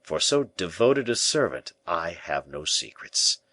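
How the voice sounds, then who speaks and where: A man voicing a calm, self-possessed schemer in an audiobook, persuading and giving orders with smooth assurance. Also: low-pitched, a little slow, no room sound, heavily acted. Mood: confiding, stern. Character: cool, scheming male musketeer-bishop. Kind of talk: audiobook character reading.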